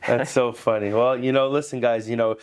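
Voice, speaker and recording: Guy hosting a podcast, mid-pitch, lots of "you know", hype sign-off. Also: fairly even intonation, brisk, smooth. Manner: upbeat, filler-heavy, laughs along. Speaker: podcast host. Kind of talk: casual interview.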